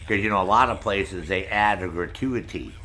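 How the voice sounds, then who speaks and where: A man's voice: sits low, moderate pace, bright, forceful tone, a little hiss or hum. A middle-aged man hosting a casual chat with viewers, telling rambling stories full of swearing. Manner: profane, rambling storyteller. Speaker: streamer host. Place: Maine, United States.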